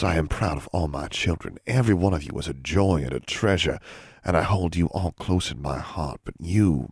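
Man reading as a soft-spoken feared wizard father. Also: sits low, creaky, dry recording, clean studio sound, exaggerated voice. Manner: calm, measured and gentle.

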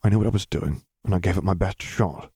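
A man's voice: low voice, fast talker, vocal fry, darkish tone, husky, dry recording, studio quality, exaggerated voice. A man voicing an icy, defiant young man arguing with his father in clipped, cold retorts.

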